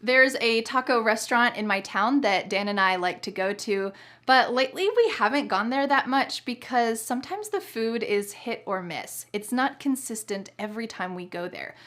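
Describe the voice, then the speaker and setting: A cheerful American woman gives an online English lesson in a fairly high voice. She explains phrases clearly, laughs often and acts out different tones of voice to show how each example should sound. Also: fairly bright tone. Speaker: English teacher.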